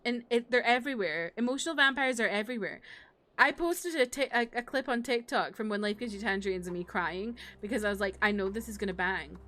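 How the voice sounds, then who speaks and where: Speaking a little fast in a sharp, mid-range voice, a young female streamer rants sarcastically and laughs frequently as she plays, chatting casually on her live stream.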